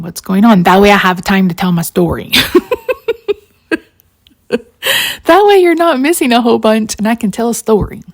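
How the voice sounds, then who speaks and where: Gravelly woman telling crafting stories. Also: mid-range voice, a little mellow. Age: 40s. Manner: rambling, storytelling asides, frequent laughs. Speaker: craft tutorial host. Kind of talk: chatty crafting tutorial.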